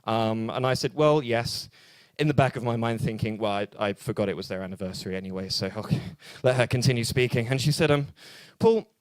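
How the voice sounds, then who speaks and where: A young man with an English accent doing a stand-up set at a small bar open mic, deadpan and hesitant with many fillers. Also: mid-range voice, fairly quick, hardly any pauses, no room sound. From England. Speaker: stand-up comedian.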